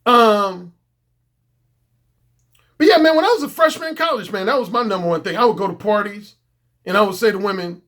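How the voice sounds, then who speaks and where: A man's voice: high voice, brisk, pauses often, a bit bright. A middle-aged man, a dating coach, talking bluntly and profanely in a casual unscripted monologue.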